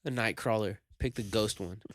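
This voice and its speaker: A man's voice: fairly low pitch, normal speed, no room sound. A young man co-hosting a casual podcast, teasing his co-host with dry, short replies and easygoing sign-offs.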